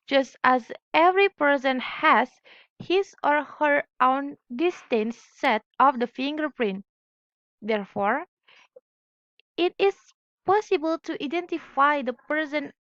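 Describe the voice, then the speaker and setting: High-voiced woman reading a class talk. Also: no room sound. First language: Indonesian. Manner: careful, halting, corrects her own slips. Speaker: student presenter. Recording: dull lo-fi recording.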